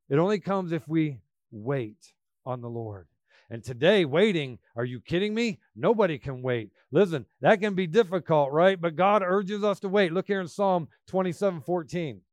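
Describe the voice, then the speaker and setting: Man, preacher, sermon, high voice, emphatic, dry close recording. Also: no echo. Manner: emphatic, shifts between loud bursts and quiet asides.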